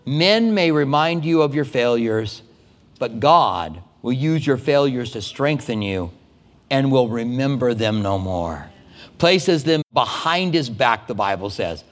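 A man preaching as a pastor, telling stories in a conversational, animated way with quick asides. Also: mid-range voice. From United States. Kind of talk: sermon. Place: church sanctuary. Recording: long hall reverb.

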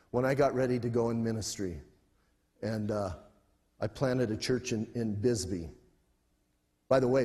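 A middle-aged male pastor preaching a sermon in an animated, conversational way with humor. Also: mid-range voice, in a large hall.

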